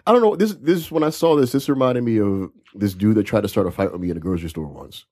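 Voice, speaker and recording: A man's voice: lowish voice, expressive, fast, mellow. A man co-hosting a movie podcast, telling a story in a wry, casual way with quoted back-and-forth. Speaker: podcast co-host.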